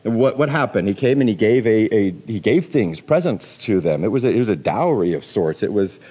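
A man's voice: lowish voice, animated, fairly quick, dark tone, slightly rough. A man preaching a sermon in a casual, joking way, sometimes putting on playful voices. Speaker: pastor. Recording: long hall reverb.

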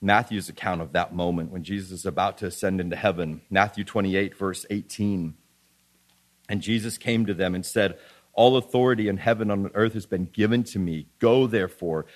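A man preaching a sermon in an earnest way, often restarting and repeating phrases as he reads scripture aloud. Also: sits low.

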